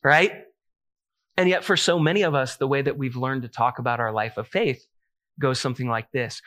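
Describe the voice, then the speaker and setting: A man's voice: mid-range voice, moderate pace, a bit bright. A man preaching a sermon in a casual, conversational way, mixing scripture with self-deprecating family stories. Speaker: pastor.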